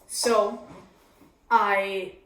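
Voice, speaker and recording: A woman's voice: mid-range voice, very slow, a crowd in the background. A woman stand-up comedian talking candidly in an interview, acting out her own inner voice as she goes. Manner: confessional, animated, acts out her own inner voice. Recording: echoey room.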